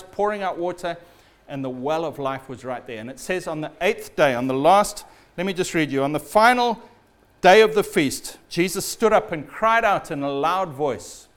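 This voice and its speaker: A man preaching a sermon in a storytelling way, often dropping low and quiet at the ends of phrases.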